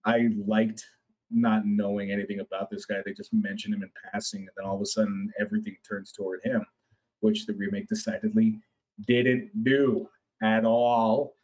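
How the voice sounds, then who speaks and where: A man co-hosting a gaming podcast in casual chat, rambling and excitable, swearing freely. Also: on the low side, moderate pace, rough recording. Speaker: podcast co-host.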